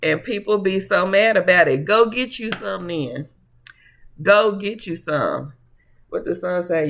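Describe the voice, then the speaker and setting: Man, high voice, tarot reader, sassy, preachy, says honey and baby, laughs a lot. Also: measured pace, a bit bright. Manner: laughs often. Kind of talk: casual tarot reading to camera.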